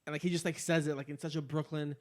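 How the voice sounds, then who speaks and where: Man, podcast co-host, swears a lot, rambling chat, slightly higher voice. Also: racing. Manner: profane, rambling, animated ranting. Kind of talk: casual chat.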